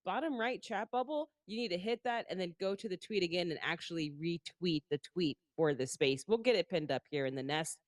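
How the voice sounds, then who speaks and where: A woman's voice: on the low side, fairly quick, hardly any pauses, dry recording, studio quality. A woman co-hosting a casual live chat, congested from a sinus cold, chatty and explaining things step by step. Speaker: co-host.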